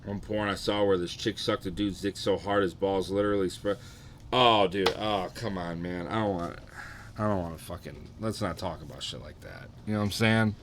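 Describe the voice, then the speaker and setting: Bright-voiced, profane male streamer. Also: slight background noise. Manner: rambling, profane, low-key. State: tired, low energy. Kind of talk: casual live-stream chat.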